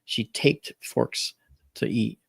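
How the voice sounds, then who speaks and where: A man's voice: medium pitch, slow, vocal fry, slightly rough, no room sound. A man hosting a talk stream, chatting casually and telling a family story with lots of animation. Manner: animated storyteller, acts out quoted voices. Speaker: podcast host.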